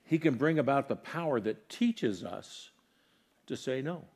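A man preaching a sermon, earnestly putting questions to his congregation and moving between loud, emphatic lines and soft, quiet ones. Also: mid-range voice, animated, unhurried, creaky, slightly rough. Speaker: pastor.

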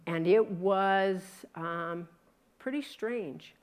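A woman's voice: medium pitch, drawn-out words, smooth. A middle-aged woman preaching a Christmas sermon, reading scripture aloud and dramatically acting out people's reactions. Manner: animated, dramatic, acts out reactions.

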